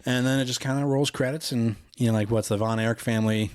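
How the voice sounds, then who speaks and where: A man's voice: medium pitch, fairly even intonation, fast, darkish tone, smooth, no echo, studio quality. A man co-hosting a podcast, retelling a film in a casual, rambling way, with lots of "you know" and "like". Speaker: podcast co-host.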